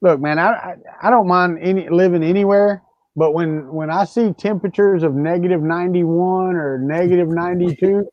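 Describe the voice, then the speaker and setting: A livestream co-host chats casually at a normal speed in a high, fairly even voice, over lo-fi sound with no room sound. He cracks jokes and tells stories, restarting repeatedly.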